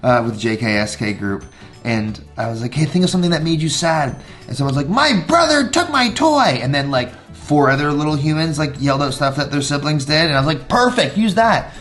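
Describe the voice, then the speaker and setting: A man in his thirties teaching educators children's breathing exercises, upbeat and coaching, acting out the steps. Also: mid-range voice. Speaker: mindfulness teacher.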